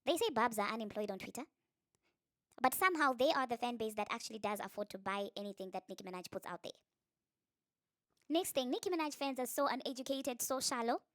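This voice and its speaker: A woman rants through celebrity gossip with biting sarcasm in a reaction vlog. Her voice sits a little high, and the recording is close and dry with no room sound. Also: expressive, quick pace, dry recording. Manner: sarcastic, ranting, mimics others in high mocking voices.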